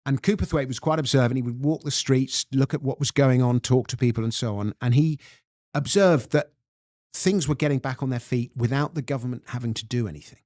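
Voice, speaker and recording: A man with an English accent, a guest who tells history as a lively story and reads quotes aloud. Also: medium pitch, a little fast, no room sound, clean studio sound. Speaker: guest author.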